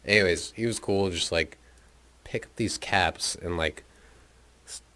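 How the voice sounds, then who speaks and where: This young podcast host speaks in an unhurried, low-pitched voice with a sharp tone. He casually rambles through his school-day memories with plenty of swearing and frequent laughter, telling his life story.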